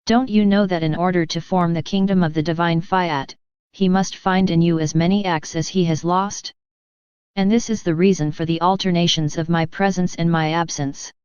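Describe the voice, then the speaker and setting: A woman reading the words of Jesus, a gentle and earnest divine man, in a solemn, measured devotional book reading. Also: on the low side, steady tone, clean tone, no room sound, highs cut off, lightly acted. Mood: tender, solemn.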